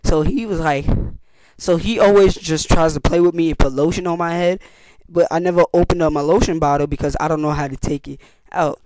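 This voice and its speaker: A teenage YouTuber tells camp stories in a casual vlog, slangy and animated, acting out what people said with big leaps in his voice. He speaks on the high side and a little fast, with no room sound.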